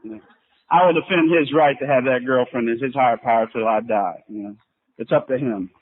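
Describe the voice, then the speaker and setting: A man's voice: medium pitch, brisk, phone-quality sound. A middle-aged man speaking at a recovery convention, plain-spoken and storytelling with casual fillers, on an old 1989 tape. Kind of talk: personal recovery talk.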